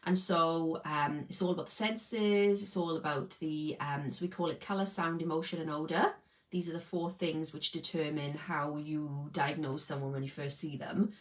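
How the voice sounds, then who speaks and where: A woman's voice: low voice, steady tone, normal speed, rough recording. A woman, a healing practitioner and coach, chatting casually to camera and often checking in with "okay?". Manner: chatty, explains with lots of "okay?" tags.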